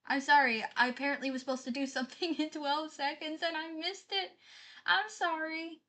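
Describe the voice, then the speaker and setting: Chatty woman streamer with a higher voice. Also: steady tone, normal speed, sharp tone. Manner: chatty, apologetic, reads chat aloud. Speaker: live streamer. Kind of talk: casual live-stream chat.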